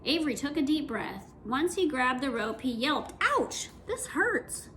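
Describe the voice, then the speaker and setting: A woman reading a children's storybook aloud in an expressive, animated way. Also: sits high, normal speed, slight background noise. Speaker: reader.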